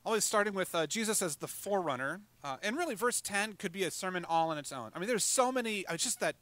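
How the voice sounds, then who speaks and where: A male pastor preaching a sermon in a conversational way, with fillers and quick asides. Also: high-pitched, animated, a bit bright, no room sound.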